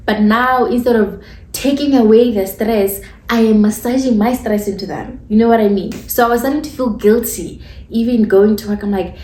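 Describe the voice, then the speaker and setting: A woman's voice: fairly high pitch, moderate pace, mellow. A woman who works as an esthetician, sharing a personal faith testimony in a candid, conversational way with informal phrasing. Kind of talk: personal testimony, casual storytelling. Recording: echoey room.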